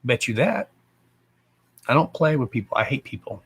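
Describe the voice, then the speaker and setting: A man's voice: mid-range voice, sing-song, normal speed, a bit bright, slightly rough. Blunt, profane man ranting. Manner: blunt and profane, swears freely; fired-up, emphatic. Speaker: livestream host. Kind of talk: casual livestream rant.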